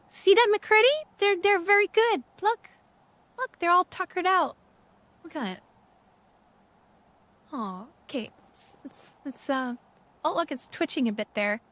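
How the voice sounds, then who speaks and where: A woman's voice: high voice, fairly bright tone. A woman streaming a game in casual chat, talking sweetly and playfully to her in-game dog.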